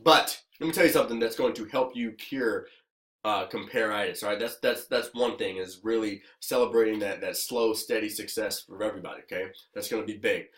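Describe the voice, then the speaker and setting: A man who works as a business coach, giving an energetic motivational talk to the camera and checking in with "okay?" again and again. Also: fairly low pitch, fairly quick, reverberant. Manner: energetic, repetitive, keeps asking "okay?".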